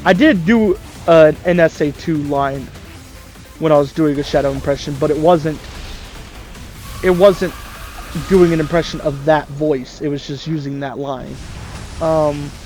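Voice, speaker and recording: A man's voice: fairly high pitch, a little slow, pauses often, darkish tone, faint music behind. A man hosting a gaming video, chatting casually and rambling, correcting himself as he thinks aloud. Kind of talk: casual chat about voice impressions.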